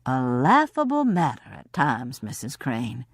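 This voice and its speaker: A woman's voice: very deep voice, wildly swooping pitch, a little slow, husky, no echo, clean studio sound, pitched below the performer's own voice, exaggerated voice. A woman voicing a big, genial Southern senator, a folksy good old boy with an easygoing drawl.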